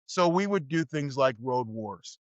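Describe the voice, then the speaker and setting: A man as interview guest, telling road stories in a lively way and acting out the voices of the people in them. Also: mid-range voice, measured pace, no room sound, lo-fi sound. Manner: acts out voices and shouts in his stories. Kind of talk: animated storytelling.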